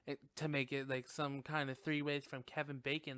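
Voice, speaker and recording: A man hosting a podcast and giving a casual, rambling movie review, animated and full of swearing and fillers. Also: mid-range voice, moderate pace, few pauses, clear, resonant tone, no room sound, studio quality. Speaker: podcast host.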